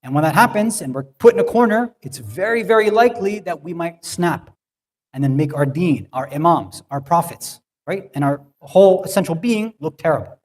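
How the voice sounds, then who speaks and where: Man, slightly high voice, casual sermon delivery, long hall reverb. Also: expressive, moderate pace. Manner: conversational, often adds "right?". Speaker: speaker at an Islamic center. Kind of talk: sermon-style storytelling talk.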